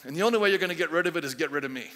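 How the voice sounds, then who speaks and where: A man acting out a tired runaway prophet who confesses in a resigned tone. His bright voice echoes with a long hall reverb. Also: fairly high pitch, expressive, racing, voice pushed down. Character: weary prophet confessing he is the problem.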